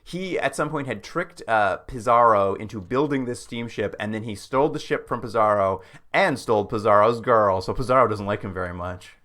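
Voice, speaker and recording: A man co-hosting a podcast, recapping a TV miniseries in casual chat with wry, deadpan asides and chuckles. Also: lowish voice, a little fast, hardly any pauses. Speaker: podcast co-host.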